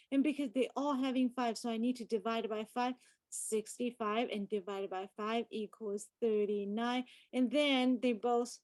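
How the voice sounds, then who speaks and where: A woman teaches math in an online lesson, explaining each step slowly and checking in with her students. She switches between English and Mandarin and scolds in a playful way. Her voice sits fairly high and sounds dry and close to the mic. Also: dry recording. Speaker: math tutor.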